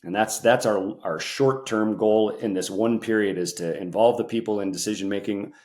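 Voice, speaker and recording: A man from Central Oregon, a podcast guest, explaining his civic work in a measured way. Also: fairly low pitch, darkish tone. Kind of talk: interview answers.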